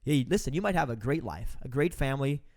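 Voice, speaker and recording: A man's voice: mid-range voice, expressive, fast talker, a little mellow. A man hosting a podcast, giving an emphatic, preachy motivational talk to his listeners. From Romania. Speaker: podcast host. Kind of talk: motivational monologue.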